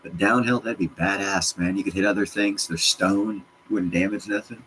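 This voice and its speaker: Deep-voiced man ranting casually, profane and excitable. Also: moderate pace, slight background noise, poor audio. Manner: profane, excitable, jumps between topics. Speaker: livestream host answering chat. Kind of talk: casual rambling rant.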